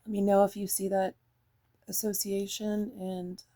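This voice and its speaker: A woman's voice: medium pitch, level tone, unhurried, mellow. A woman chatting casually in a fragrance review, rambling and enthusiastic, with lots of fillers.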